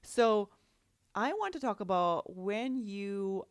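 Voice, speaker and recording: A woman's voice: medium pitch, animated, slow pace, smooth, no echo. Woman coach chatting on her podcast, lots of restarts and "right?", dry close mic. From Russia. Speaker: podcast host and life coach. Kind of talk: solo podcast talk.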